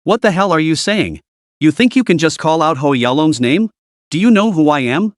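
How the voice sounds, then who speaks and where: A man's voice: a little high, animated, moderate pace, no echo, clean studio sound, close to an everyday voice. A man voicing a bullying, blustering middle-aged male finance boss in a comic recap story. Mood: hostile. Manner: blustering, threatening.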